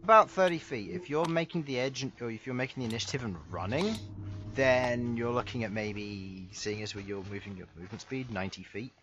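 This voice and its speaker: A man running a tabletop game as game master, narrating scenes and explaining rules briskly. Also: mid-range voice, noisy background. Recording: dull lo-fi mic.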